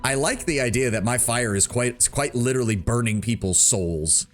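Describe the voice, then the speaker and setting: A man's voice: mid-range voice, lively intonation, normal speed, faint music behind. A man streaming a game, chatting casually with jokes and swearing. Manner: joking, profane, chatty. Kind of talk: casual gameplay commentary.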